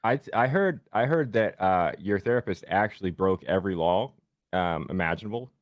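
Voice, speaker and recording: Deep-voiced casual stream host man. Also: lively intonation, moderate pace, no echo, clean studio sound. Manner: loose, rambling, joking with chat. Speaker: host of a sports betting stream. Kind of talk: casual livestream chat.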